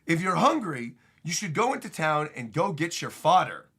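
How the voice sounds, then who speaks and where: A man reading aloud as a boastful, mysterious male messenger who rides a bug, delivering warnings slowly and ominously. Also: a little high, big pitch swings, sharp tone, slightly rough, exaggerated voice. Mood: hurried.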